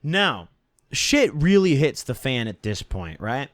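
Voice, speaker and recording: A man's voice: mid-range voice, sing-song, slow pace, no room sound, studio quality. A young man casually telling a rambling, profane story from his own life and tagging his sentences with "right?". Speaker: storytime vlogger.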